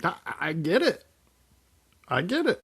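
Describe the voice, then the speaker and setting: A man's voice: high voice, very animated, measured pace, a bit bright, breathy edge, no echo, clean studio sound. A man co-hosting a podcast, laid-back, mostly answering with short replies. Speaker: podcast co-host. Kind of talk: casual chat.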